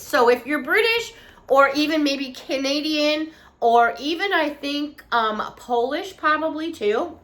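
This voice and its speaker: Gushing over her shopping haul of British sweets, a chatty vlogger from the United States talks casually and emotionally about the treats. She has a slightly high, somewhat bright voice, with a little background noise in the recording.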